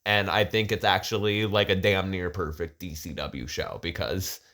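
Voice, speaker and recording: A man's voice: deep voice, steady tone, normal speed, fairly bright tone. A man hosting a podcast in casual chat, rambling and profane, often restarting his sentences. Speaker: podcast host.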